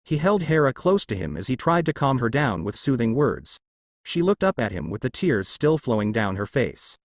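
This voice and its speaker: A man's voice: mid-range voice, big pitch swings, moderate pace, dry recording, studio quality. A man reading fan fiction aloud as narrator, voicing every character in the same voice.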